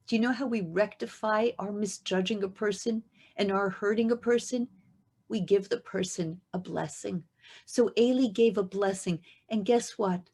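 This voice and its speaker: A woman teaches an inspirational Torah lesson with emphatic, storytelling delivery. Her voice is on the high side, and she leans on rhetorical questions to draw listeners in. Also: darkish tone. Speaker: speaker at a women's learning event.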